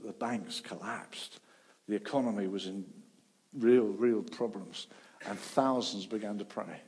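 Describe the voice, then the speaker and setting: Gravelly preacher, swelling and hushed. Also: male voice, fairly low pitch. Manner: animated storytelling, voice swelling and dropping to near whisper. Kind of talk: sermon.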